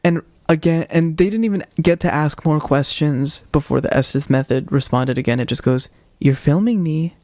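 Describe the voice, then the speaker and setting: A young man on a podcast, retelling a ghost-hunting video with animated quoted voices in casual storytelling. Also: fairly high pitch, moderate pace, hardly any pauses, no echo. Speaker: podcast co-host.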